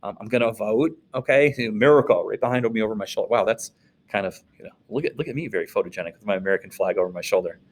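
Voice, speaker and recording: A man's voice: fairly low pitch, quick pace. A man from Wisconsin, a teacher, recapping the day's lesson in a casual way, with joking asides and frequent "okay?" check-ins. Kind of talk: recorded class recap lecture.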